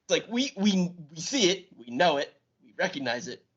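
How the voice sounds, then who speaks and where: A man's voice: high voice, sing-song, normal speed, a bit bright, husky. A man co-hosting a movie podcast, chatting casually and laughing often. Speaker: podcast co-host. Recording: slightly muffled podcast audio.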